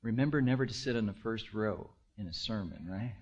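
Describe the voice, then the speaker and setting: A man in his sixties, a pastor, preaching a sermon with rhetorical questions to the congregation, swinging between hushed asides and loud emphasis. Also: on the low side, lively intonation, brisk, highs cut off. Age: 60s.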